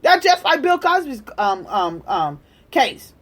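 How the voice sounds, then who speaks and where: A woman's voice: high-pitched, very animated, unhurried, a bit bright. A woman delivering a heated, profane political rant, repeating her points with emphasis. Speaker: political commentator.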